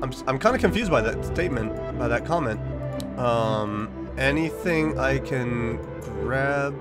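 A man giving let's play commentary, thinking aloud and bursting into high-pitched, confused panic. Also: lively intonation, a little slow, over loud music. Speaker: game streamer.

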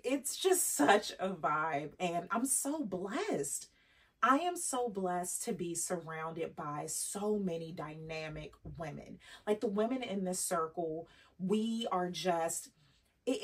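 A woman talks casually to her viewers, rambling from one thought to the next and dropping in the odd French word. Her voice sits low and a little husky. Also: far from the mic. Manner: chatty, rambling, sprinkles French words. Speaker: fashion vlogger.

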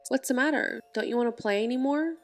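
A woman's voice: fairly high pitch, moderate pace. A woman reading the lines of a creepy possessed father who taunts his daughter with teasing questions. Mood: eerie taunting.

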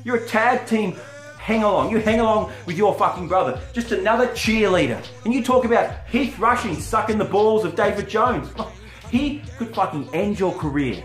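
A man snarling a crude, taunting wrestling promo. He stutters now and then, and his pitch swings widely as he mocks. The room sounds echoey, with faint music underneath. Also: expressive, normal speed. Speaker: wrestling character cutting a promo. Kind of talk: trash-talk promo. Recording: roomy with faint music behind.

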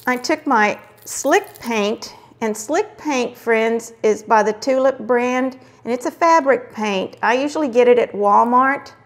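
A woman's voice: fairly high pitch, unhurried, hardly any pauses. A middle-aged woman hosting a casual crafting tutorial, chatting while she works and murmuring to herself at times. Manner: chatty, warm asides while working, drifts into murmurs. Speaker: craft video host.

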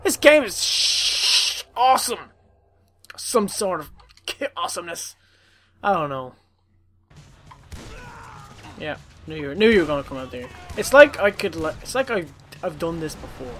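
A man commentating his own gameplay in a casual, rowdy way, swearing freely and bursting into shouts. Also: a little high, lively intonation, moderate pace, long pauses.

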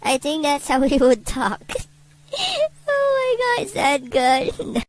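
Young woman, casual, giggly, higher-pitched speaking voice. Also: very animated, slow pace. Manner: giggly, breaking into laughter. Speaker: fan voiceover creator. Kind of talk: casual reactions between takes.

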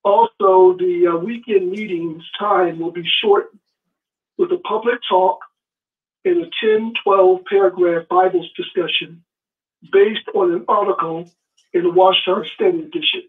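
A man's voice: sits high, measured pace. A man calling in to a show, eagerly passing on news point by point. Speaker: caller. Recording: tinny phone line.

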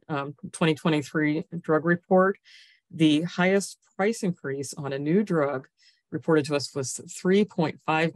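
A woman presenting findings in a webinar over a video call, steady, with occasional fillers. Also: sits low, dry recording.

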